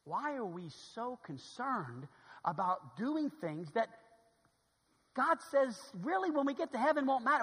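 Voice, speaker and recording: A man preaching a sermon in a church, dramatic and animated, acting out little scenes and swinging between loud exclamations and hushed asides. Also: very high voice, moderate pace, slightly rough. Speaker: pastor. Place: church sanctuary. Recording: hall reverb.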